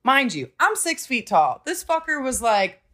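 A woman's voice: high-pitched, a little slow. A young adult woman hosting a podcast, telling a story in casual chat, swearing freely and acting out the voices of people she quotes. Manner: profane, animated, acts out quoted voices. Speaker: podcast host.

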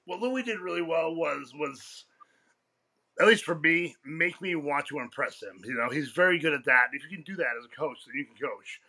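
On a podcast, a guest coach speaks at normal speed in a bright, forceful voice on the higher side, recounting stories in a relaxed way. His tales come out in a rush, full of profanity and frequent laughter.

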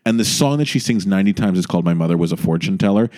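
Man, low voice, lively swooping delivery, gushing podcast co-host. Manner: animated, gushing, quick asides and impressions. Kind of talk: casual chat about musical theater.

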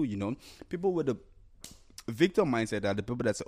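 Animated man on a solo podcast. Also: medium pitch, fast. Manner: animated, acts out quoted inner voices, repeats phrases. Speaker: podcast host.

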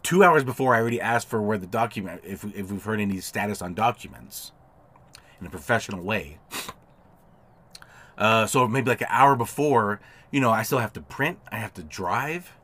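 A man's voice: fairly low pitch, animated, moderate pace, pushed and bright. A man hosting a solo podcast, explaining his work casually through examples and acted-out dialogue, often restarting his sentences. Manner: conversational, explains with repeated examples and quoted dialogue, frequent restarts. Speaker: podcast host, notary signing agent.

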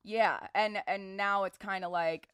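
A woman's voice: mid-range voice, steady tone, unhurried, a bit bright, clear, resonant tone, no room sound, clean studio sound. A young woman co-hosting a podcast, talking casually and emphatically with loose slang. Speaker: podcast co-host. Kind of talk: casual recap chat.

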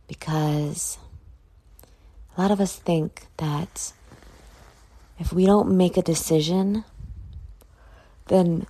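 A woman hosting her own podcast, just woken up and yawning, talking in a slow, reflective drawl with casual swearing. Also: low voice, fairly even intonation, gravelly, dark tone. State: sleepy, yawning. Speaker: podcast host. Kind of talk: casual solo podcast talk.

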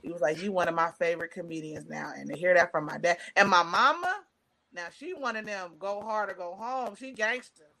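A woman's voice: on the low side, brisk, gravelly. A middle-aged woman, a stand-up comedian, telling a long personal story in casual chat, acting out quotes from the people in it. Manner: animated, quotes people in voices, emotional.

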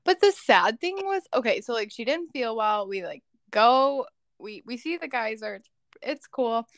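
A woman's voice: a little high, animated, unhurried, no room sound. A young woman co-hosting a podcast, chatting and giggling as she recounts a family story. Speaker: podcast co-host. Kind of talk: casual chat.

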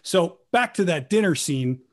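A man guest actor telling lively stories and acting out quoted lines, with an improv comedy background. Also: high-pitched, a little slow. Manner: animated, acts out quoted lines with laughs. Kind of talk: casual storytelling.

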